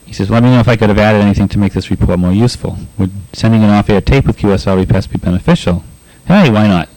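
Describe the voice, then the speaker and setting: A low-voiced man with a Boston accent hosts a pirate radio show, reading listener letters in a loose, chatty way. He stumbles through with many uhs and laughs easily. The sound is close and dry. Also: quick pace, darkish tone, no echo, low-quality recording. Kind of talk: casual on-air chat reading listener letters.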